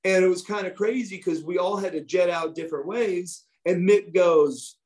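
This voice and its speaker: A man with a voice pitched a little above the usual, telling stories in a loose, conversational way. He swears freely and acts out other people's lines as he goes, like a former wrestler reliving the old days. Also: normal speed, a little mellow. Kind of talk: casual storytelling chat.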